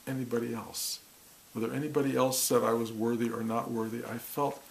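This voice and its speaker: A man giving a slow, reflective spiritual talk, speaking softly and often dropping to a near whisper. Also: medium pitch, creaky, slight background noise, low-quality recording. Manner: slow, soft, intimate, drops to near whispers.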